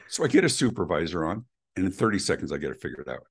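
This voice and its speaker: Middle-aged guy, intense emphatic interview guest, low voice, swings all over in pitch. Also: big pitch swings, rapid-fire, creaky, hardly any pauses, breathy edge. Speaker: guest, customer experience speaker. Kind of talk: animated interview answers.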